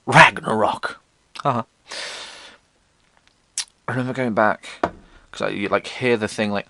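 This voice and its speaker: A young man telling comic school stories in a casual monologue, swearing and mocking himself, slipping into squeaky voices for the people he quotes. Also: fairly even intonation, unhurried, vocal fry, long pauses, sharp tone, no room sound. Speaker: podcast host.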